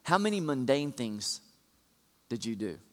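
A man preaching a sermon, shifting from quiet conversational asides to loud, emphatic repetitions. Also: medium pitch, sing-song, a little slow. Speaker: pastor. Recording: long hall reverb.

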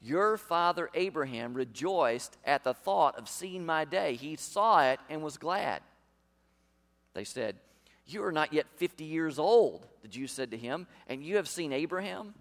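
A man's voice: a little high, expressive, unhurried, a bit bright. A pastor preaching a sermon to his congregation, emphatic and full of rhetorical questions. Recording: long hall reverb.

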